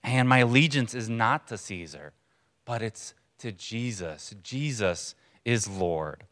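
A man preaching a sermon in a church to a congregation, in a conversational, earnest way with pauses for emphasis. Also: on the low side, animated, a bit bright. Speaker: pastor.

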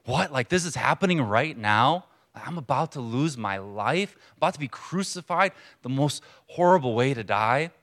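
A man's voice: medium pitch, lively intonation, normal speed, hardly any pauses, fairly bright tone, voice pushed up. A man preaching a sermon, voicing a frightened male prisoner who faces execution, panicked and disbelieving.

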